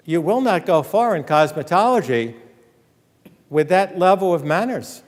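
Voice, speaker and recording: High-voiced man lecturing in a reverberant hall. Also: moderate pace. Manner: animated, acts out quoted dialogue, jokes with audience. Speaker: author giving a lecture. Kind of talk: storytelling lecture with audience quiz.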